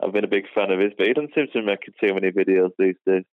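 A man's voice: low-pitched, racing, no echo. A British man chatting as a guest, hesitant and full of fillers and restarts, heard over a phone line. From United Kingdom. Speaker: guest, shooting channel creator. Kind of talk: casual interview chat.

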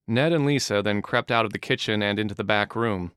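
A man narrating an audiobook in a steady, even reading style. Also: fairly low pitch, brisk, few pauses, clear, resonant tone, dry recording, clean studio sound.

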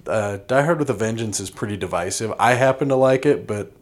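A man's voice: lowish voice, brisk. A man co-hosting a podcast, chatting casually and meandering as he thinks aloud. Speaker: podcast co-host. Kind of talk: casual chat.

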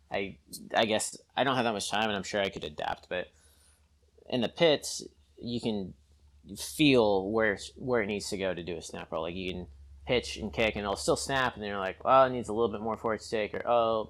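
A man's voice: fairly low pitch, fairly bright tone. A man, a guest pilot, talking casually about aerobatic airplanes, self-deprecating and thoughtful, with frequent restarts. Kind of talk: casual podcast chat.

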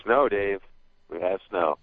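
A man's voice: fairly low pitch, slow, no echo. A man calling in as a podcast guest, chatting in a laid-back, wry way. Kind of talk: casual chat. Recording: tinny dry phone line.

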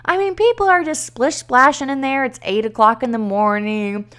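A middle-aged woman casually telling a personal story as an educator, animated and acting out the voices of people she quotes. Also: sits high, moderate pace.

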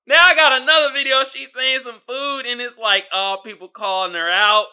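A man hosting a podcast, ranting in casual commentary, incredulous and animated, breaking into shouts and laughs. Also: very high voice, normal speed, smooth. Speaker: podcast host.

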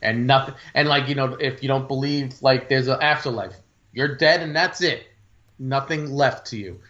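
A man's voice: medium pitch, moderate pace, bright, forceful tone, lo-fi sound. A man co-hosting a film podcast in casual chat, rambling with many fillers and restarts. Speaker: podcast co-host.

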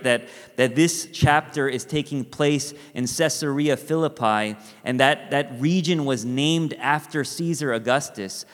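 A man's voice: on the high side, long reverb tail. A man preaching a sermon in a conversational way, acting out quotes and adding rhetorical asides.

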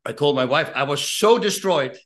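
A middle-aged man with a Dutch accent, a retired fighter telling lively stories as a guest and acting out the voices in them. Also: a little high, a little fast. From Netherlands. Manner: animated, acts out voices in his anecdotes. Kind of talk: casual storytelling.

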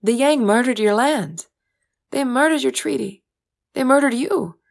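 A woman's voice: high voice, unhurried, creaky, voice pushed up. A woman voicing a young woman who speaks with grief and bitterness in a storybook reading. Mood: bitter. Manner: pleading, bitter.

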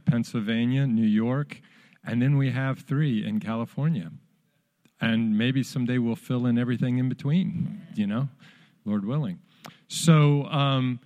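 A man in his fifties, a visiting pastor, giving a friendly, measured greeting to a church. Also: medium pitch, darkish tone.

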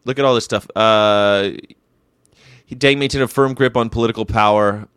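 A man's voice: lowish voice, fairly even intonation, normal speed, fairly bright tone, clean tone, no room sound, studio quality. A young man hosting a casual show, commenting on history facts in an irreverent, rambling way, with swearing and jokes. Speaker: show host.

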